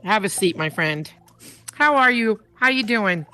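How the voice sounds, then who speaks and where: A woman's voice: medium pitch, animated, measured pace, sharp tone, no echo. A woman hosting a live talk show in a virtual world, effusive and emotional, talking through a headset mic. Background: faint guitar music.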